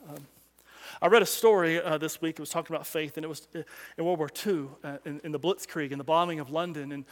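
A man preaching as a pastor on a Sunday morning, telling a story with animation and swinging from loud calls to hushed asides. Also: fairly high pitch, fairly even intonation, fast talker. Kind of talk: sermon. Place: church sanctuary. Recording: long hall reverb.

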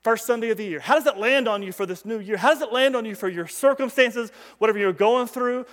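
High-voiced pastor preaching in a reverberant hall. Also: male voice, fast talker. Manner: animated storytelling, swings from loud to hushed. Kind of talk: sermon. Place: church sanctuary.

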